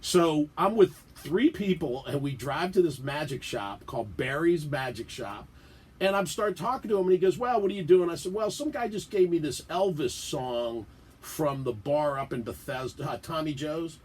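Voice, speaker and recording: Laughing as he goes, a middle-aged podcast guest from the DC area acts out quotes while telling stories in a relaxed radio studio interview. His voice is fairly high and husky, and he speaks at a moderate pace.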